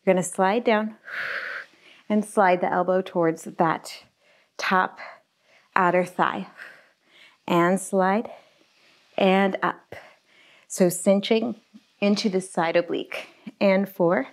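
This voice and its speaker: A young woman leads a pilates and barre class from her home workout space, counting reps and offering upbeat encouragement into a lapel mic pack. She takes it slowly, with long pauses, in a mid-range voice with fairly even intonation.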